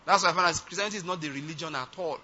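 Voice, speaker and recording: A man's voice: fairly high pitch, very fast, pushed and bright. A man preaching a sermon, emphatic and often checking that his listeners follow. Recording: dull lo-fi recording.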